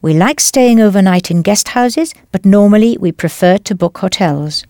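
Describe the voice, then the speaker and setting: Female instructor, patient and clear, scripted lesson narration, dry booth. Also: mid-range voice, expressive, normal speed, warm tone, no echo. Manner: patient, clear, explains step by step. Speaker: language teacher.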